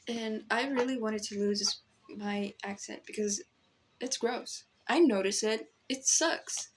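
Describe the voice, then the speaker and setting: A woman's voice: medium pitch, takes it slowly, slight background noise. A young Brazilian woman, a native Portuguese speaker, rambling in casual self-deprecating talk to her phone camera at home, with a Brazilian accent tinged by American influencer speech. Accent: Brazilian, with American influencer tones. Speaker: vlogger.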